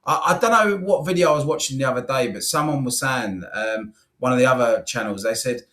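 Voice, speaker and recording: Relaxed, sweary man co-hosting football chat. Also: medium pitch, a little fast, hardly any pauses. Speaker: co-host.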